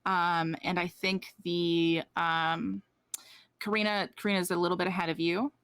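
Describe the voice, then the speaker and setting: Woman game master, unhurried narration, filler-heavy, dry voice. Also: on the low side, little pitch movement, a bit bright, clean tone, dry recording.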